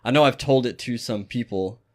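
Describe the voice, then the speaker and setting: A man's voice: mid-range voice, moderate pace. A man co-hosting a podcast, telling a story in a casual, profane way and laughing often. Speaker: podcast co-host.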